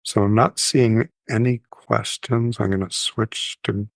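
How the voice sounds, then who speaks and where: A fairly low-pitched man with a gravelly edge to his voice talks as a psychiatrist host in an informal educational style. He is thoughtful and measured, often correcting himself. Now and then he intones short phrases in a sing-song rhythm, and the sound is dry and close. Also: steady tone, no echo.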